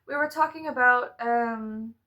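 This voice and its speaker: A woman's voice: fairly high pitch, unhurried, bright, forceful tone. A young woman telling a casual story to her subscribers, laughing often, swearing freely and mocking herself dramatically. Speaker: vlogger.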